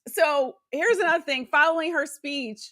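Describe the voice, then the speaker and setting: A woman's voice: high-pitched, moderate pace, bright, forceful tone. A woman co-hosting a podcast, chatting casually about politics, laughing often, swearing and reading quotes aloud. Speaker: podcast co-host.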